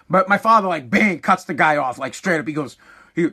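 A middle-aged man doing stand-up, telling a profane story with lively asides and acted-out quotes. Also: sits high, fast, slightly rough. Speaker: stand-up comedian.

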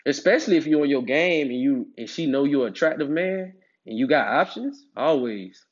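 A man's voice: mid-range voice, lively intonation, normal speed, husky. A man giving dating advice to other men in a casual monologue, emphatic and preachy, with streetwise slang. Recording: dull lo-fi recording.

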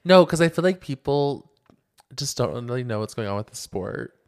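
A young man co-hosting a podcast, animated and sassy in casual chat, filling with "like". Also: medium pitch, moderate pace. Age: young adult. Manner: animated, sassy, many "like" fillers. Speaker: podcast co-host.

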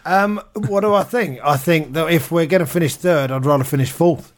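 A man with a slightly higher voice joins in on football talk. He is chatty and quick to laugh. He speaks in a casual, easy way. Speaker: football podcast co-host. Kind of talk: casual chat.

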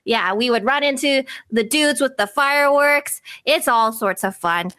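A woman on a podcast, telling stories in a giggly, animated way. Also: high-pitched, measured pace, clear, resonant tone, no room sound, clean studio sound. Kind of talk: casual chat.

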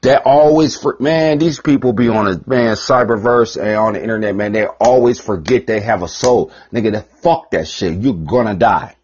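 A man hosting a podcast, ranting in a profane, rambling monologue, repeating himself and swinging between loud bursts and mutters. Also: medium pitch, moderate pace, hardly any pauses, slightly rough. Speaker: podcast host. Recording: dull lo-fi podcast recording.

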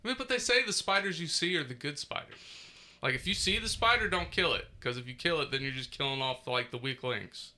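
Bright, easygoing male podcast host. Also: fairly high pitch, animated, fairly quick. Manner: easygoing, laughs often, runs the list. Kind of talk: casual chat.

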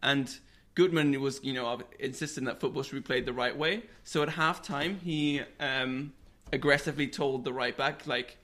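A man's voice: mid-range voice, normal speed, pushed and bright. A man co-hosting a podcast, telling football history stories in a casual, chatty way. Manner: storytelling, laughs often. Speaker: podcast co-host.

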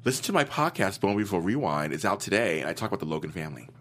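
Male co-host, animated chatter, voice rising and falling widely, quotes characters and laughs. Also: deep voice, rapid-fire, slight background noise. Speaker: podcast co-host. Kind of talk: casual chat reviewing a TV soap.

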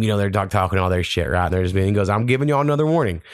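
A man's voice: on the low side, lively intonation, very fast, no room sound, clean studio sound. A man hosting a podcast, telling long casual stories full of swearing. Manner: profane, rambling storyteller. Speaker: podcast host. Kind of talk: casual chat.

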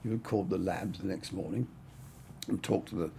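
A low, gravelly older man recalling his work as a cinematographer in an easygoing interview. He rambles, circling back with "I mean" and "you know". A faint hiss sits under the recording. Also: normal speed, warm tone. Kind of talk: casual interview storytelling.

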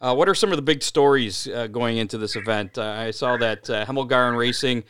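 A man's voice: mid-range voice, a little fast, a little hiss or hum. A man hosting a racing podcast, asking questions casually with lots of fillers. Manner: relaxed, filler-heavy questions. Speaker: podcast host. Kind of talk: casual interview.

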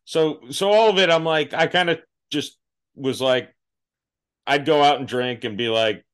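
A man's voice: a little high, unhurried, a bit bright, smooth. A man hosting a podcast, telling acting stories in a casual, self-deprecating way and laughing at himself. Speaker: podcast host. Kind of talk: casual interview chat.

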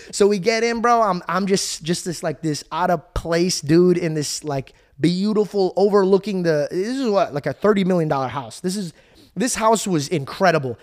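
A young man hosting a podcast, telling a story in an excitable, casual way, swearing freely and acting out the voices of the people he quotes. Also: a little high, moderate pace. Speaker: podcast host.

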